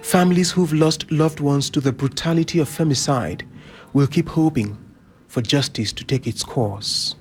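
A man reporter narrating a scripted news report in a measured way. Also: on the high side, soft background music.

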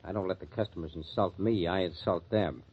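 Gruff sarcastic club owner. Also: male voice, low-pitched, brisk. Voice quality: sneering, tough-guy slang. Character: gruff, sarcastic male club owner, middle-aged, bitter. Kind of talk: 1940s radio acting. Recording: muffled old radio recording.

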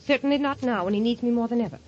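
An actress playing a devoted, stubborn young wife, speaking in an emotional, pleading, insistent way, 1940s radio acting style. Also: female voice, a little high, racing, darkish tone, slight background noise, natural voice. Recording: dull lo-fi old radio recording.

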